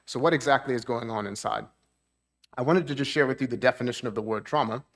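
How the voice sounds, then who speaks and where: Guy giving a trauma talk at church, explains simply, asks the room if they follow, middle pitch. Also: fast, a bit bright. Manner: explains plainly, checks in with the audience; voice lifts to act out moods. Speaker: therapist. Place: church hall with audience.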